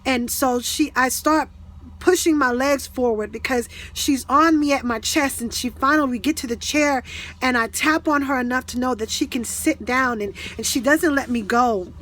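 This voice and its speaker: A woman's voice: high voice, normal speed, fairly bright tone, slight background noise. A woman earnestly telling a personal spiritual story to her followers, emotional and repeating herself as she goes. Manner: earnest, repetitive, often restarts sentences; emotional, near tears at times. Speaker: spiritual speaker.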